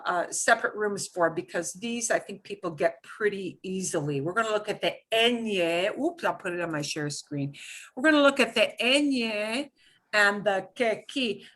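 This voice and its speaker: A woman's voice: mid-range voice, pushed and bright. A woman teaching a beginner Spanish class over a video call, patiently modeling words for students to repeat.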